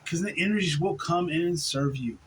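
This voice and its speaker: A man's voice: on the high side, a little fast, slight background noise, poor audio. Man giving a laughing spiritual talk. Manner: relaxed, with frequent soft laughs and restarts. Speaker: spiritual teacher.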